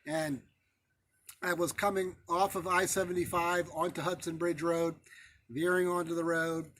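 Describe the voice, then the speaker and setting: High-voiced pastor telling a story. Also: male voice, flat delivery, a bit bright, a little hiss or hum. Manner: conversational, halting, many fillers and restarts. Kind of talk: sermon with a personal story.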